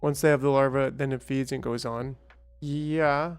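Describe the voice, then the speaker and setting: A man's voice: medium pitch, fairly even intonation, normal speed, clean tone, soft background music. A man hosting a let's play, thinking aloud in a chatty way with small exclamations and restarts. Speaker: gaming channel host.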